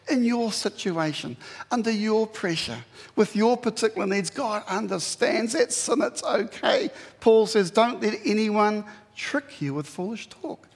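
Earnest preacher in a reverberant hall. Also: male voice, gravelly, breathy edge. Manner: earnest, pleading, rises sharply in pitch for emphasis. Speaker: pastor. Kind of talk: sermon.

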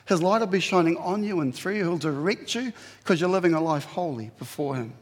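Earnest preacher in a reverberant hall. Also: male voice, expressive, brisk, husky. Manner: earnest, pleading, rises sharply in pitch for emphasis. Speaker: pastor. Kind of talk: sermon.

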